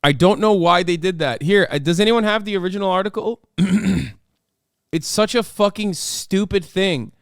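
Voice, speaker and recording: A man's voice: sits high, normal speed, clean tone, dry recording, clean studio sound. A man hosting a stream, giving casual political commentary in a heated, profane way. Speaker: streamer host.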